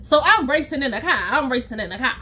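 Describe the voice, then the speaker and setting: High-voiced woman telling a wild story. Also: quick pace. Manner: animated, with sound effects and acted-out quotes. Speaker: vlogger. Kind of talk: storytime vlog.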